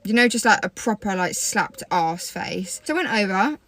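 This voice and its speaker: A young woman telling a story to her followers, animated and swearing freely. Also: medium pitch, moderate pace. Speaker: social media creator. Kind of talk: casual story time.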